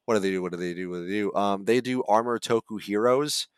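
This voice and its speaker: A male voice actor talks casually as a podcast guest. His voice is low and smooth, recorded dry and close. He rambles in a relaxed way, with plenty of fillers along the way. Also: fast talker, dry recording.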